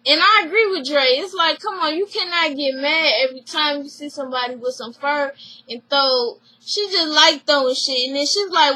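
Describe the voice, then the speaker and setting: Animated, bright-voiced woman recapping gossip. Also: high voice, moderate pace, low-quality recording. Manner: animated, acts out quotes, blunt and profane. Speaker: reality TV recap vlogger. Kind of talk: casual recap commentary.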